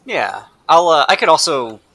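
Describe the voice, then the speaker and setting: A man playing a tabletop game, talking casually with quick, stumbling restarts. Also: fairly high pitch, sing-song, gravelly, crowd noise. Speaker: player.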